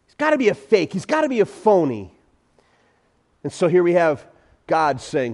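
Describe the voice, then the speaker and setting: A man's voice: sits high, wildly swooping pitch, moderate pace, pauses often, a little mellow. A man preaching a sermon as pastor in a church, emphatic, repeating phrases and calling out to the congregation.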